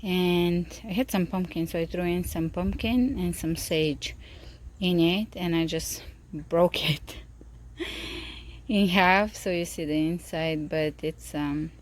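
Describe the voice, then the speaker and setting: A woman's voice: lowish voice, slow. A woman chatting enthusiastically in a casual cooking vlog, tasting her own baking as she talks. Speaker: home baker. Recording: echoey room with faint background noise.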